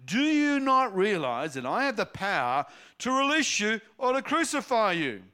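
A man's voice: mid-range voice, slow pace, a bit bright. A man reading aloud and voicing a stern Roman governor who speaks in a raised, emphatic way. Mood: demanding.

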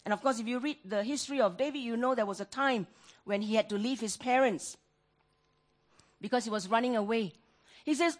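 High-voiced impassioned woman preacher. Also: normal speed. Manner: impassioned, rises high and loud when voicing prayers. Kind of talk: sermon.

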